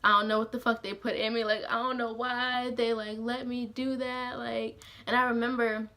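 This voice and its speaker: A young woman vlogger tells a story in a bright, sharp voice. Her talk is casual and slangy, full of swearing and "like", and she is animated throughout. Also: a little high, normal speed. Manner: animated, slangy and profane, heavy use of "like".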